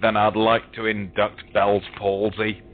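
A British man with a fairly low voice tells crude jokes in a dry, deadpan way. His voice comes through a narrow, tinny phone line. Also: measured pace. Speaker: caller. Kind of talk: casual call-in chat.

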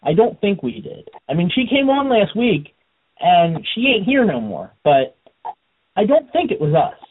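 A man hosting a wrestling radio talk show, energetic and quick to laugh. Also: high voice, husky. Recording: phone-like radio audio.

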